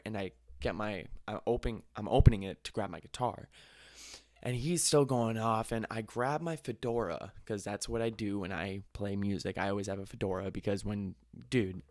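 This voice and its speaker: A young man hosting a podcast, telling a funny story in casual chat, animated, laughing often and swearing casually. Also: lowish voice, no echo, clean studio sound. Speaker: podcast host.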